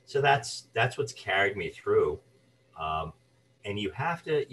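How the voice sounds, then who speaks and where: A man's voice: on the low side, normal speed, distant mic, a little hiss or hum, poor audio. A man, an actor and voice artist, telling career stories as an interview guest and acting out the people he quotes. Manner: animated anecdotes, acts out quoted voices. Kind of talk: storytelling interview chat.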